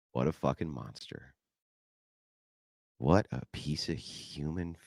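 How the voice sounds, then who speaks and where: A man's voice: low-pitched, unhurried, long pauses, no room sound, clean studio sound. A man hosting a stream, giving sarcastic, profane, mocking commentary. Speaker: streamer host.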